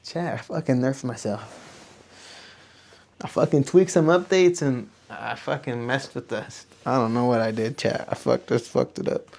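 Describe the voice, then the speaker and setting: A man's voice: mid-range voice, normal speed, vocal fry, darkish tone. A young man hosting a solo podcast, talking to camera in a rambling, profane, self-reflective way. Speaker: podcast host. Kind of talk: casual solo talk to camera. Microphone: camera on a small tripod.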